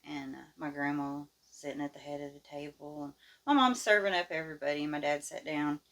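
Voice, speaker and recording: A woman telling a childhood story in a folksy, animated, plain-spoken way. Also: low-pitched, fairly quick. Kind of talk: casual storytelling.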